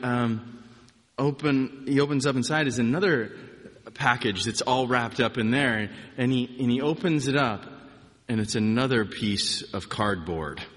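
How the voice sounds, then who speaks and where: A man giving an informal sermon, telling personal stories in a relaxed, conversational way with frequent restarts. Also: medium pitch, long reverb tail. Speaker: preacher.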